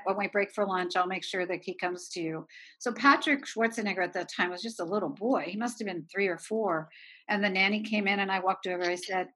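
Woman, 60s, from Erie, film producer guest, lively storyteller, laughs often. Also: mid-range voice. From Erie, Pennsylvania. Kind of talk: anecdotal storytelling.

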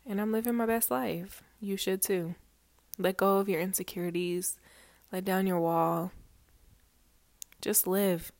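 A woman's voice: mid-range voice, steady tone, measured pace, long pauses, darkish tone, no room sound. A young woman vlogger chatting candidly to her followers, rambling, swearing and laughing, emotional and near tears. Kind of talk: casual chat to followers.

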